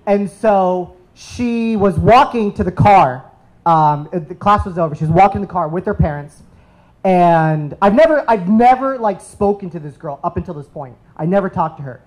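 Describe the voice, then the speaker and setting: Thirties man from the US, live stage storyteller, animated, playful, self-deprecating. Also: high-pitched, normal speed, poor audio. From United States. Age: 30s.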